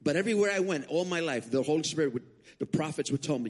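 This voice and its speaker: A man preaching as a guest speaker, telling his testimony as an animated story with frequent restarts. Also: fairly high pitch, quick pace, slightly rough. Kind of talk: sermon testimony.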